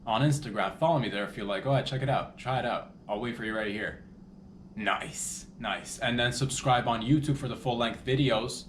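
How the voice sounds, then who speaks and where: A man's voice: medium pitch, moderate pace, roomy sound, slight background noise. A man hosting a comedy podcast, rambling loosely with crude jokes and asides. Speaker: podcast host.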